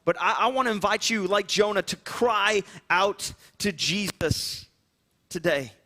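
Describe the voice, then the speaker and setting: A man preaching from the pulpit in a high, bright, ringing voice. He speaks as a pastor, piling up phrases in an earnest, repetitive, pleading rhythm. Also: a little slow. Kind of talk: sermon. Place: church sanctuary, also streamed online.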